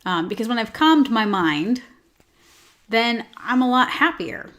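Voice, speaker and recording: A woman's voice: a little high, very animated, unhurried, a bit bright. A woman hosting her own show, chatting casually with lots of fillers and joking asides. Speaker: host. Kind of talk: casual chat.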